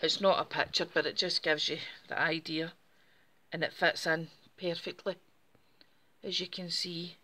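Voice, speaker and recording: A woman's voice: on the low side, level tone, measured pace, bright, forceful tone. A woman, hosting a casual craft tutorial and chatting step by step in a friendly way. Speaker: craft channel host.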